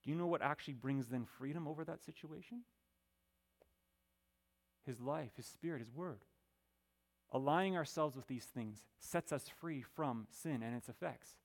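A middle-aged male pastor preaching a sermon, emphatic, slowing down when he reads scripture. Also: medium pitch.

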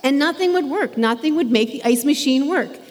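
A woman's voice: high voice, lively intonation, fairly quick. A woman preaching a sermon in a chatty, conversational way, laughing now and then and using plenty of fillers. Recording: long hall reverb.

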